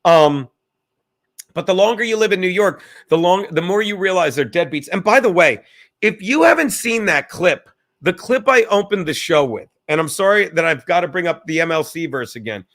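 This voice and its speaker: A man's voice: sits high, lively intonation, moderate pace, a bit bright. A man hosting a podcast, talking in a rambling, profane and jokey casual monologue. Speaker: podcast host.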